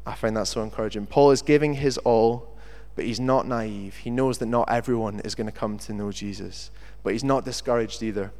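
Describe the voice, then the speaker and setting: A man preaches a sermon, animatedly telling a story from his own life and acting out what people said. His voice is on the low side, fairly quick with few pauses, and a large hall's long reverb surrounds it.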